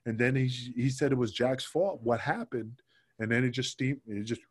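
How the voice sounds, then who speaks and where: A man talks through his stories in a loose, lively way as a podcast guest. He slips into quoted voices for the people he describes. His pitch sits in a plain middle range. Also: normal speed, husky. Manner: animated, acts out other people's lines in quoted voices. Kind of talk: casual storytelling in a podcast interview.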